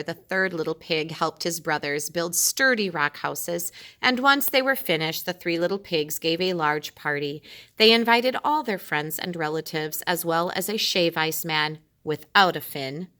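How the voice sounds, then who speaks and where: A woman reads a children's story aloud in a bright, clear voice and stops now and then for chatty remarks to her listeners. Her pitch sits a little low for a woman. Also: unhurried. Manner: chatty asides between the reading. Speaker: storyteller reading a picture book aloud.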